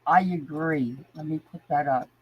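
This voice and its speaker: A woman's voice: low voice, normal speed, husky, dry recording, highs cut off. An older woman hosting a live stream, ranting indignantly and greeting viewers by name, stuffy from a sinus infection. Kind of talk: casual live-stream chat.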